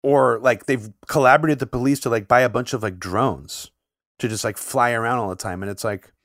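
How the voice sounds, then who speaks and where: Guy on a podcast, rambly and animated, lots of likes, dry close mic. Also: mid-range voice, brisk, no room sound. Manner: talks in long runs with frequent "like" fillers, animated when shocked. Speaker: podcast co-host. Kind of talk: casual conversational podcast chat.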